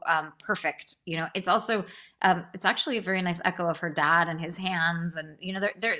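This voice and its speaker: A woman's voice: lowish voice, sharp tone. A woman lecturing on a novel, enthusiastic, stumbling over restarts and fillers as she reads passages aloud. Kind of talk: literature lecture.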